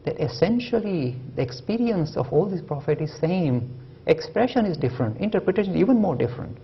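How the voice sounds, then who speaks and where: A male lecturer giving a public lecture, telling stories and jokes in an animated way and acting out the quotes. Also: fairly high pitch, husky, highs cut off. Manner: animated, joking, acts out quotes. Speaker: lecturer on religion and science. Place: lecture hall at a university.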